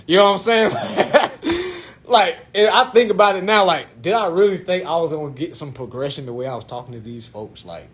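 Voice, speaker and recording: A young man telling a personal story to his viewers in an animated, profane way, repeatedly asking if they follow him. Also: mid-range voice, a little fast. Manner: animated, profane, addresses viewers as "y'all", keeps asking "you know what I'm saying".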